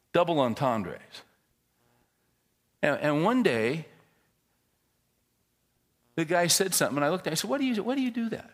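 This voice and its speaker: A man preaching a sermon as a pastor, telling stories with emphatic bursts and quiet asides. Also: fairly high pitch. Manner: animated storyteller, swings from loud emphasis to quiet asides.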